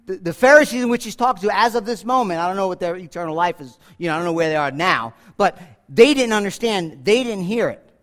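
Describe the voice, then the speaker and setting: High-pitched preaching man, dynamic delivery. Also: animated, fast. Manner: dynamic preaching, swinging between loud emphatic peaks and quiet asides. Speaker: pastor. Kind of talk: sermon. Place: church.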